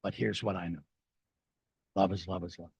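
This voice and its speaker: An older man giving an animated inspirational talk, mixing jokes and stories. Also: deep voice, moderate pace, gravelly, breathy edge, no room sound, muffled recording. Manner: animated storyteller, jokes and acted quotes. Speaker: speaker.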